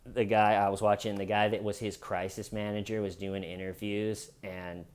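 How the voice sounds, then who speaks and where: A man's voice: fairly low pitch, level tone, normal speed, clean tone. A man hosting a casual commentary show, talking in a sarcastic, mocking way. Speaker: host.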